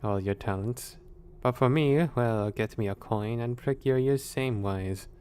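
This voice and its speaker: A man putting on a gruff folksy thief. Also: lowish voice, a little slow, natural voice. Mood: grumbling. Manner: rough folksy put-on accent, clipped old-fashioned phrasing. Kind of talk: reading a game note aloud in a voice.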